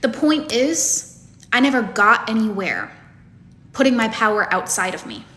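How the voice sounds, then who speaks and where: A woman's voice: a little high, fairly bright tone, roomy sound. A woman coach giving a lecture to her students, blunt and emphatic, with plenty of swearing. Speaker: manifestation coach.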